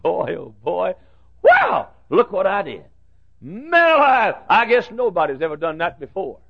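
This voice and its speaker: A man's voice: sits high, huge pitch swings, unhurried, gravelly, breathy edge, full character voice. A man voicing a bold, swaggering male prophet who talks in a cocky, mocking, folksy way, on a dull lo-fi recording. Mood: boastful.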